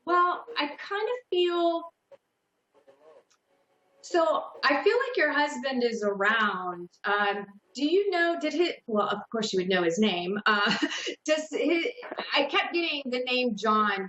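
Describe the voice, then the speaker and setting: Woman, psychic radio host, call-in reading, slow, hesitant, many fillers, bright, echoey. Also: fairly high pitch, expressive, muffled recording, a little hiss or hum.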